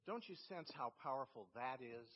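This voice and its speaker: A male pastor giving a sermon, telling a story with slow, emphatic phrasing. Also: mid-range voice, animated, husky. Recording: long reverb in a church hall, dull lo-fi sound.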